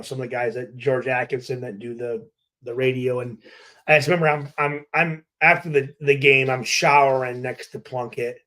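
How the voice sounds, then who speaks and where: A middle-aged man hosting a casual livestream, telling stories with lots of swearing and laughter. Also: mid-range voice. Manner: profane, laughing storyteller. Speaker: livestream host, former player.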